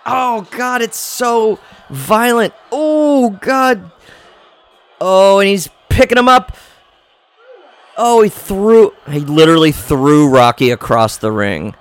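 A man with a fairly high voice and an unhurried delivery, calling out what he sees while watching a film. He keeps gasping and exclaiming, then drops into jokey asides in a relaxed, comic podcast-host manner. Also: clear, resonant tone. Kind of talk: live reaction commentary while watching a film.

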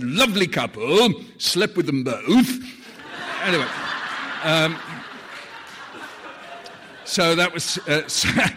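On stage in a big hall, a playful storyteller from Britain, aged in his seventies, entertains a live audience in a slightly bright mid-range voice. Whenever he quotes someone he puts on their voice, with long reverb trailing after him.

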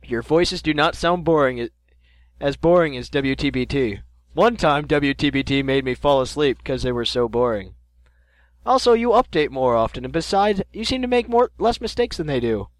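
A man's voice: a little high, expressive, normal speed, dry recording. A teenage man from Canada, co-hosting a podcast in casual chat, joking and restarting his sentences as he reads listener mail. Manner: joking, rambling with repeated restarts. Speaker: podcast co-host.

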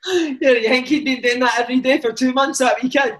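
A man hosting a casual chat, with eager, chummy and quick reactions. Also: very high-pitched, fairly even intonation, a bit bright.

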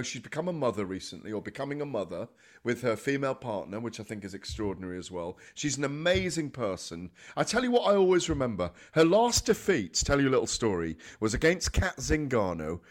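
A man's voice: medium pitch, a little fast. A man co-hosting a sports radio show, chatting animatedly about fights and telling stories. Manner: animated, storytelling, emphatic. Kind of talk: casual sports chat.

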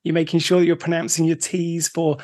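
A man's voice: fairly high pitch, monotone, a little fast, a little mellow. A man from the West of England near Bristol with a West Country accent, co-hosting a podcast, easygoing, laughing often and explaining the topic. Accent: West Country English. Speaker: podcast co-host. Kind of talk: casual podcast chat.

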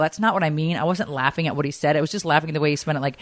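A woman's voice: deep voice, very fast, few pauses, no room sound, studio quality. A woman co-hosting a podcast in casual chat, candid and chatty, swearing freely and filling her talk with "like.". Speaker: podcast co-host.

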